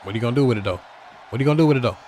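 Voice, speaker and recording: A man giving excitable, trash-talking play-by-play commentary over a wrestling video game, talking straight to the wrestlers. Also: medium pitch, very fast, some chatter behind, a little hiss or hum.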